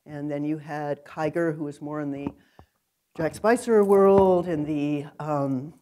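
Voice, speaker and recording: An older woman with a low voice, speaking as a guest poet at an onstage conversation. She rambles and digresses easily, drifting from one thought to the next and laughing often as she talks. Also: slow, dark tone, a little hiss or hum. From New York City. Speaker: interviewed poet.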